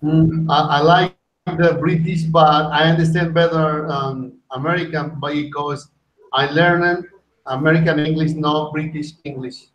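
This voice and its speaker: Guy, kinda high voice, lots of uhs, roomy dull sound. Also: steady tone, a little slow. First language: Spanish. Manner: hesitant, searching for words. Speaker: student. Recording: echoey lo-fi room with faint noise.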